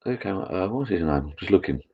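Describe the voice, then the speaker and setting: A deep-voiced man talking quickly and rambling on in a friendly, matey way on a live stream. He chats casually to viewers from his garden bar shed. The audio sounds a little muffled and lo-fi. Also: expressive, slightly rough. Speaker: vlogger hosting a live chat.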